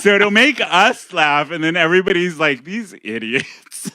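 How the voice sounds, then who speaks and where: A man hosting a casual podcast chat, giggly and bawdy, quick to laugh. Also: sits high, bright, forceful tone. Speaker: podcast host. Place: warm home studio.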